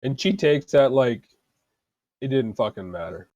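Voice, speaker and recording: A man as dungeon master, narrating a tabletop game in a halting way with many fillers. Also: mid-range voice, animated, mellow, no room sound. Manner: halting, full of fillers while describing.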